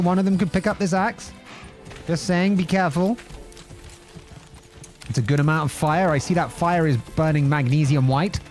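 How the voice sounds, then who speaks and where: A man's voice: fairly high pitch, a little mellow. A young man, chatting playfully as he streams gameplay and greets viewers. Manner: playful, chatty, jokes and laughs often. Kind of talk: live-streamed gameplay commentary.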